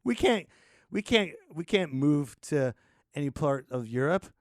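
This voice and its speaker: A man from the United States hosting a solo comedy podcast: an animated rant, laughing often and slipping into voices. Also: on the high side, a little slow, no room sound, studio quality. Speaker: podcast host.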